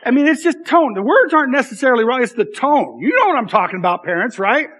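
A man's voice: very high-pitched, lively intonation, quick pace, fairly bright tone, breathy edge. A man in his thirties, a pastor giving a conversational, self-deprecating sermon with frequent asides to the congregation.

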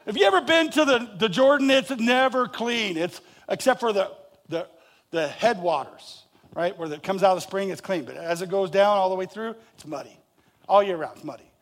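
Male pastor, high voice, animated sermon with jokes and audience questions. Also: a little fast. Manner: animated, acts out reactions with rising and falling loudness; jokey, asks the congregation questions.

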